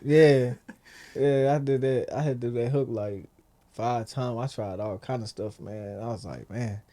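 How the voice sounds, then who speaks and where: A man, a rapper guest, joking and animated in casual talk. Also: moderate pace. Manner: animated, joking, trails off low. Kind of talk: casual interview chat.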